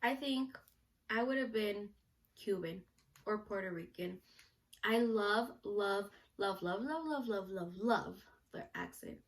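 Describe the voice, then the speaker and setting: A young adult woman with a mid-range voice speaks slowly, chatting casually to camera in a question-and-answer vlog. She's bubbly and her speech is full of "like" and "you know." A vlogger and student reporter, she's from the United States and has Mexican parents.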